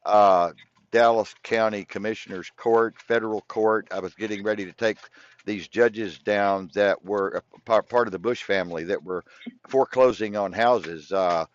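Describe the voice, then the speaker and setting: A man appears as a guest in a casual storytelling interview, telling long, rambling, profane stories and repeating himself. His voice is on the low side and steady, at a normal speed. The sound is dull, lo-fi and dry.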